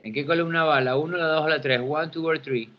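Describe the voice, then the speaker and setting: A man's voice: fairly high pitch, steady tone, fast talker. A man teaching an English pronunciation lesson, repeating words to model their stress. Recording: dull lo-fi classroom recording.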